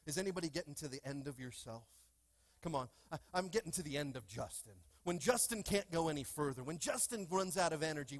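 A man with a slightly high voice preaching a lively sermon in a church. He keeps calling out to the congregation and breaking into playful, joking asides. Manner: energetic call-and-response preaching, playful asides. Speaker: pastor. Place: church sanctuary.

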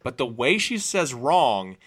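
A man's voice: medium pitch, sing-song, slow, husky. A man co-hosting a casual movie chat, talking in a loose, rambling way. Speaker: podcast co-host.

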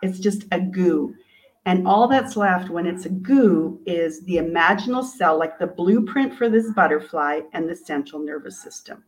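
A woman's voice: fairly low pitch, animated, normal speed, poor audio. A woman, an author and coach, animatedly retelling her storybook in an interview and acting out its quotes.

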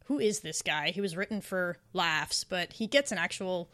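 A woman's voice: lowish voice, animated, moderate pace, fairly bright tone. A woman co-hosting a podcast, talking casually and enthusiastically about shows, sometimes acting out the lines she quotes. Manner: enthusiastic, acts out quoted characters. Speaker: podcast co-host. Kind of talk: casual podcast review chat.

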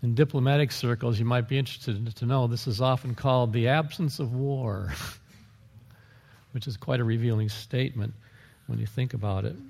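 A man's voice: medium pitch, steady tone, normal speed, gravelly, darkish tone, long reverb tail. A man pastor preaching a sermon, talking in a conversational way with asides and small chuckles.

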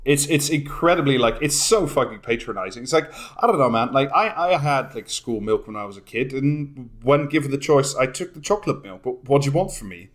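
A man's voice: mid-range voice, animated, fairly quick, hardly any pauses. A British man co-hosting a casual comedy chat, sweary and sarcastic, often acting out mocking quotes. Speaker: podcast co-host.

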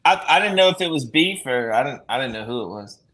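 A man's voice: mid-range voice, lively intonation, fast, a bit bright. A man chiming in on a podcast with teasing wisecracks in casual chat. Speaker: podcast guest.

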